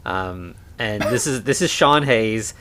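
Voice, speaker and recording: A man's voice: on the low side, animated, slow pace, a bit bright, a little hiss or hum. Rambling man chatting about a movie. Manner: rambling, many fillers and restarts. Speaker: podcast co-host. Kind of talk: casual movie discussion.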